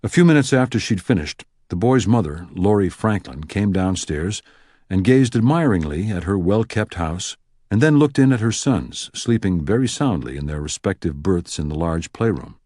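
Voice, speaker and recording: A man narrating an audiobook thriller with expressive storytelling. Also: low voice, normal speed, dry recording, clean studio sound. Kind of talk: scripted narration.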